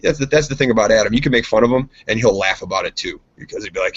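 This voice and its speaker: A man with a somewhat husky voice co-hosts a casual podcast. He rambles through a story, swears freely and mimics his friends. The recording sounds dull and lo-fi. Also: fairly low pitch, racing, hardly any pauses. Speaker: podcast co-host. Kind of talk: casual chat.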